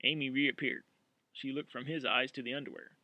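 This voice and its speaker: A man narrating an audiobook in an expressive, dramatic way. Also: mid-range voice, fairly quick, dry recording.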